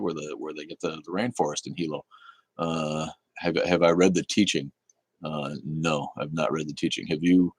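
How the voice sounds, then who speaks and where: On a casual livestream, a man with a rumbling low voice reads chat aloud in a laid-back, easygoing way. He curses casually and laughs often, and there's no echo.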